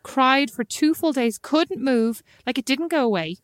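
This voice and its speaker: A woman co-hosting a podcast, telling a story in animated, chatty talk. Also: high-pitched, measured pace, no echo. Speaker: podcast co-host. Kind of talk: casual chat.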